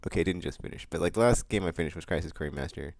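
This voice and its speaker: A man with a low, deep voice rambles through his monthly vlog. He is casual and full of fillers, breaks into excited bursts, and is recorded dry and close. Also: fast talker, creaky, no room sound. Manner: loose, rambling, many fillers and restarts; excitable outbursts about upcoming games. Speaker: vlog host.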